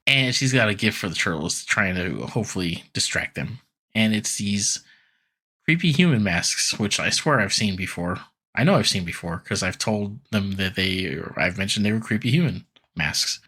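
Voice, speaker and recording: A man's voice: fairly low pitch, animated, moderate pace, pushed and bright, slightly rough. A man co-hosting a podcast, chatting through a casual cartoon episode recap and laughing often. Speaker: podcast co-host.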